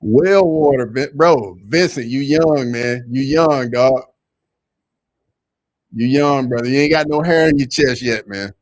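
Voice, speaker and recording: A young man with a Southern accent, hosting a casual livestream and reading chat, loose and slangy, jumping to loud excited bursts. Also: mid-range voice, a little slow, dry recording.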